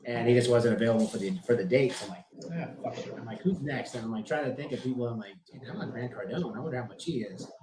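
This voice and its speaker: A business owner appearing as a podcast guest tells brash, profane, boastful stories in a casual way. His mid-range voice moves fast with hardly any pauses, recorded in an echoey, noisy room.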